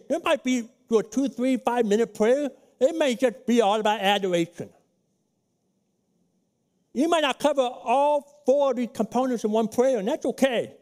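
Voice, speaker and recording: In a church sanctuary, a male pastor preaches a sermon in a practical, conversational teaching style. His voice sits high, and he acts out his own prayers in a hushed tone.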